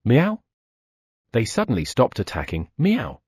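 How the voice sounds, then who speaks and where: A man's voice: mid-range voice, wildly swooping pitch, unhurried, darkish tone, breathy edge, no room sound, studio quality, exaggerated voice. Theo, a man voicing a boastful cat merchant. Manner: ends sentences with meow; arrogant, scheming. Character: boastful greedy male talking cat merchant. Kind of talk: audiobook character voice.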